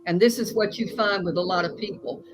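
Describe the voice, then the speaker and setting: A woman's voice: medium pitch, steady tone, a little fast. Earnest woman coach, noisy recording. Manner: earnest storytelling, emphatic. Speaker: life coach guest. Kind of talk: conversational interview.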